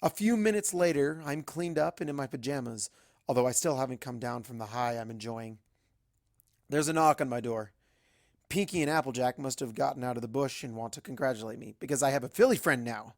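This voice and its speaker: A man narrating a fan-fiction story in first person, with a brisk, wry, chatty delivery. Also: medium pitch, dry recording, studio quality. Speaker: fanfic reader.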